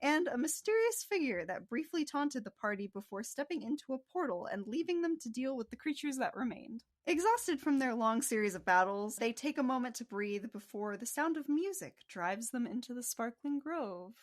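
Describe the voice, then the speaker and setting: A woman's voice: a little high, lively intonation, normal speed. A woman narrating as game master of a tabletop role-play, describing scenes unhurriedly.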